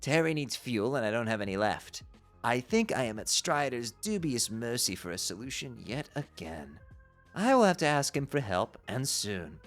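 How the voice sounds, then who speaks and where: A man's voice: mid-range voice, big pitch swings, normal speed, faint music behind. A man reading aloud as a grumbling, determined young adventurer in a put-on British accent.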